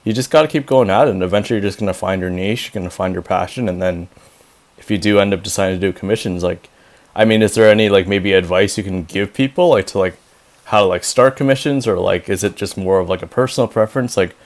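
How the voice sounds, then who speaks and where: A man's voice: sits low, fast. A man hosting a casual podcast interview, talking loosely with lots of fillers. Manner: rambling, filler-heavy, upbeat. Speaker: podcast host.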